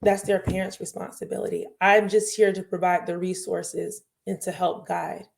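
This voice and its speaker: A woman's voice: on the low side, flat delivery, normal speed, creaky. A young woman teacher and host talking earnestly and passionately in a casual panel chat, rambling with many fillers.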